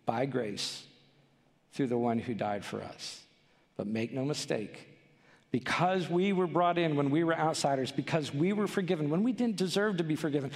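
A man's voice: on the high side, vocal fry. A male pastor preaching a sermon in a church, driving his points home with rhetorical questions and pleading emphasis. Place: church sanctuary. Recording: long church hall reverb.

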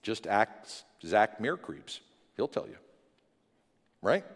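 A man's voice: on the low side, very animated, slow, slightly rough. Impassioned male preacher in reverberant church. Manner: impassioned preaching that swells to loud declarations. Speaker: pastor. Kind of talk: sermon. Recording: long hall reverb in a church.

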